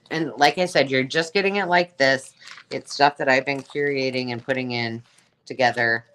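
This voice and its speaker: Pulling out craft supplies one by one for a casual live sale, a woman exclaims over each and chats in a rambling way. Her voice is extremely low with a fairly bright tone, and there's slight background noise.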